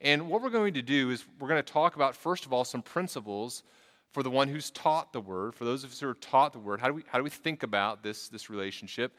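A man's voice: medium pitch, expressive, fairly quick, fairly bright tone. A middle-aged man preaching a sermon as pastor in a church, earnest and conversational, often restarting his sentences. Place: church sanctuary. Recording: long reverb in a large hall.

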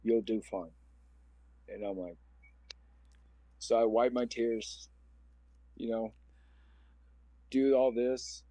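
Man in his 40s, from Omaha, Nebraska, podcast guest, earnest, rambling, emotional, warm mellow tone, dry close sound. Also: medium pitch, fairly even intonation, slow, pauses often, no room sound. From Omaha, Nebraska, USA. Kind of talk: personal storytelling interview.

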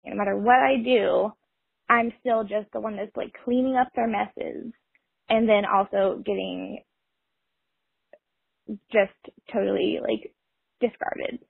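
A woman's voice: medium pitch, fairly even intonation, takes it slowly, gravelly, long pauses, husky, no room sound. A woman leaving a frustrated, swearing rant as a voicemail caller. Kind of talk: ranting voicemail. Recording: tinny phone voicemail.

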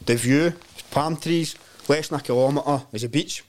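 A man's voice: medium pitch, moderate pace. Swearing Scottish man telling stories. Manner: animated storyteller, swears freely, mimics voices in quotes. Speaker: podcast guest. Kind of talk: casual chat.

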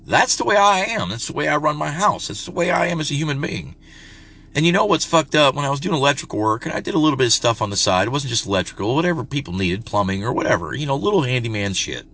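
A man's voice: medium pitch, sing-song, fast talker, sharp tone, breathy edge. A man in his forties rants bluntly and profanely while putting on a redneck drawl. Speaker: parent vlogger. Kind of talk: casual rant to camera.

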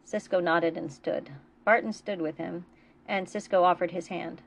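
Author-narrator, woman, steady storybook reading, low register. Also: moderate pace, vocal fry. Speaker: author reading her fiction. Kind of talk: reading a novella aloud.

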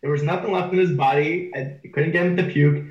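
A man's voice: fairly high pitch, steady tone, a little fast, lo-fi sound. Coach guest, male, easygoing storyteller, roomy call sound. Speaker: powerlifting coach. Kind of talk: casual storytelling on a podcast.

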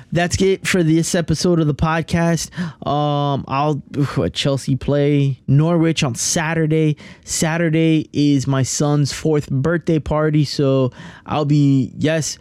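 A man hosting a podcast in casual chat, excitable and given to repeating himself. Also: a little high, smooth, no echo. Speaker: podcast host.

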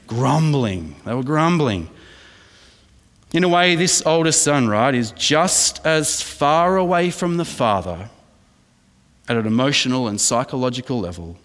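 A man's voice: medium pitch, animated, a little slow, fairly bright tone, long reverb tail. A man with an Australian accent preaching an emphatic sermon as pastor, asking the congregation questions.

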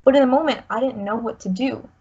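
This guest, a woman in her twenties, tells a personal story at speed, her voice a little high, dark in tone and slightly rough. She wanders, with frequent restarts and many "like"s. The recording comes across slightly muffled.

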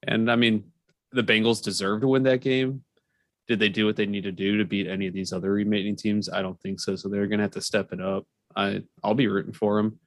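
A man co-hosting a casual sports podcast, giving blunt and slightly halting opinions. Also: lowish voice, flat delivery, no room sound. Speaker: podcast co-host.

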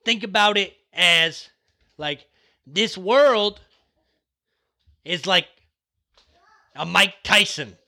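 Young male podcast host, bright high voice, profane and fired-up, yells, then jokes. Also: extremely slow, pauses often. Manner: profane, fired-up, yelling at times; relaxed and joking between rants. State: dry throat from yelling. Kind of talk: motivational casual talk.

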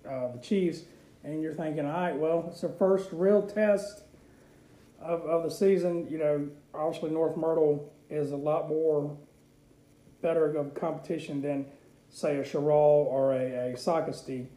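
A man's voice: a little high, steady tone, measured pace, mellow, roomy sound, low-quality recording. A man co-hosting a casual sports talk show, recapping a game in a chatty, rambling way. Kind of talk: casual radio sports chat.

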